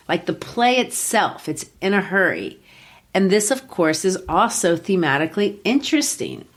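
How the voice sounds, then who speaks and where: A woman with a mid-range voice hosts a literature podcast. She explains things in a lively, teacherly manner and says "you know" a lot.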